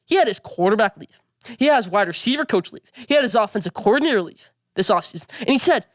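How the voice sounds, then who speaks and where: Rapid-fire rambling sports vlogger. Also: mid-range voice, expressive, a bit bright, no room sound, clean studio sound. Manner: rapid, rambling, repeats his points. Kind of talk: opinionated sports commentary.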